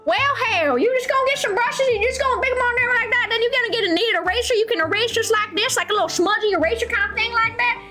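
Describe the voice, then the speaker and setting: A folksy painter with a put-on Southern U.S. drawl, as a woman plays him. The voice sits high and keeps dropping little words in a homespun way. Faint music plays in the background. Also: fast talker, few pauses. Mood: excited.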